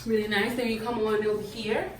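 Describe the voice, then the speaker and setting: A young woman films herself on her phone while traveling, chatting playfully to her viewers. Her voice sits a little high. A steady hiss of background noise runs under the phone recording. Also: brisk. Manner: chatty, playful, addresses "guys" and "y'all". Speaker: vlogger. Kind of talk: casual vlog to camera. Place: airport and hotel room. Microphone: phone camera.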